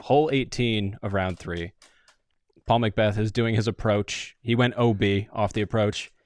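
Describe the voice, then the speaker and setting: A man's voice: on the low side, unhurried, a little mellow, no room sound, clean studio sound. A young man co-hosting a podcast, telling stories in casual chat with lots of "like"s. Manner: rambling storytelling with many "like"s. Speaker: podcast co-host.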